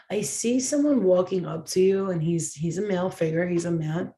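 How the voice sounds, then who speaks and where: A woman's voice: fairly low pitch, brisk, few pauses, dark tone. A woman giving a channeled tarot reading, talking in an effusive, emotional and dramatic way, with the odd swear word. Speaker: tarot reader.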